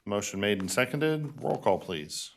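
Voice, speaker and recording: A man serving as mayor, chairing a city council meeting in a relaxed, joking manner. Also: fairly low pitch, measured pace, creaky, a little hiss or hum. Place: council chamber.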